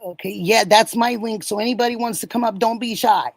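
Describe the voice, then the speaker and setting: A middle-aged woman from Oregon hosting a casual livestream, warmly thanking viewers and answering chat messages. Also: on the high side, a little fast, no echo, rough recording. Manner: warm, gushing, reads and answers chat messages. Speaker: livestream host.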